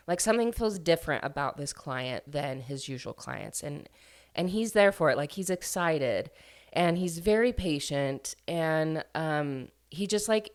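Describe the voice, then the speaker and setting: Low-voiced young woman chatting. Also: clear, resonant tone. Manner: chatty, many fillers and restarts. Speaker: book reviewer. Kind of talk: casual book review summary.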